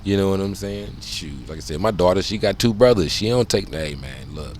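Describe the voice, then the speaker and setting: Give me a man with a low voice hosting a loose, conversational monologue, swearing freely. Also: lively intonation, a little fast, slight background noise. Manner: loose and conversational, swears often, says "you know what I'm saying". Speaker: podcast host. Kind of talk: casual monologue.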